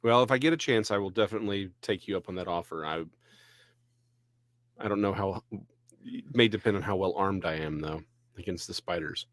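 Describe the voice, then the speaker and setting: A man from Texas co-hosting a podcast, chatting casually with hesitant restarts that break into quick bursts. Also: deep voice, dry recording. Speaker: podcast co-host. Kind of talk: casual chat.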